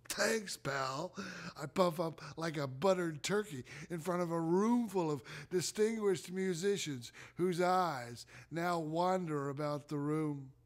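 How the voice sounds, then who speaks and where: A middle-aged man performs his own life story as a theatrical spoken monologue, talking slowly and deliberately and letting dramatic pauses hang. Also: on the high side, soft background music. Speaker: performer of a one-man autobiographical play.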